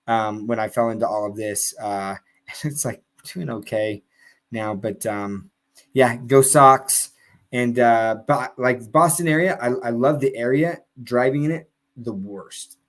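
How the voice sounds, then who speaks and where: A man on a live stream telling a long casual story, full of fillers and restarts, laughing now and then. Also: mid-range voice.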